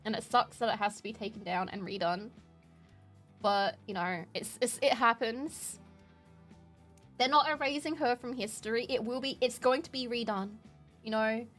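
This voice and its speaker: Young Australian woman streamer, high bright voice, lively casual chat, light music behind. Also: moderate pace. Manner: animated, laughing, emotional.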